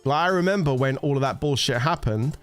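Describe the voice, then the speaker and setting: A man's voice: mid-range voice, a little fast, clean tone, faint music behind. A man in a casual gaming rant, swearing, rambling and laughing as he talks to his viewers. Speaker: gaming content creator.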